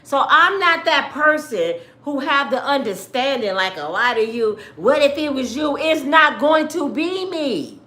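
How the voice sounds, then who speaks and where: A woman from Michigan who hosts a livestream and tells her own stories to viewers in a blunt, animated, outspoken way. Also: sits high, a little slow, few pauses, roomy sound. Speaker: livestream host. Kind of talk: casual storytelling to viewers.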